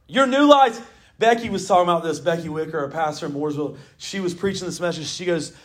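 A pastor delivers a sermon. His voice sits high for a man. He tells stories with lively swings and reads scripture aloud to the congregation. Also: quick pace. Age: 40s. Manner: animated storytelling preaching, mimics owl calls. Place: church.

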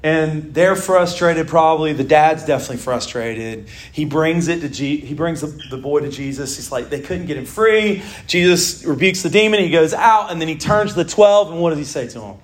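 A middle-aged man gives a casual sermon with a notably high, light voice. His delivery is animated and conversational, full of jokes and asides to his listeners. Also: normal speed, few pauses. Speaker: preacher.

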